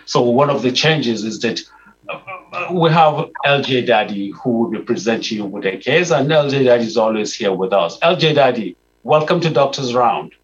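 A man's voice: mid-range voice, expressive, moderate pace, muffled recording. A man hosting a medical talk show, introducing guests formally. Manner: formal and welcoming. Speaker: host.

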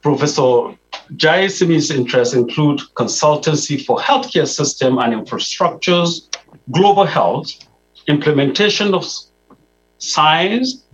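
A man's voice: fairly high pitch, highs cut off, a little hiss or hum. A man hosting a medical talk show, introducing guests formally. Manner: formal and welcoming. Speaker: host.

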